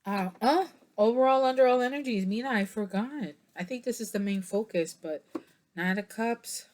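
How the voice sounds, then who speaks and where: A woman's voice: fairly high pitch, moderate pace, a little mellow. A tired woman giving a casual tarot reading to camera, chatty and meandering, with many fillers and yawns. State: tired, yawning. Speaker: tarot reader.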